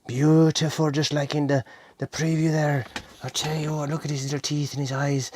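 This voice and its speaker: A man reviewing an action figure on his own channel, excitedly gushing and talking to the toy and his audience. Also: a little high, moderate pace, slight background noise. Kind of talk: enthusiastic toy review vlog.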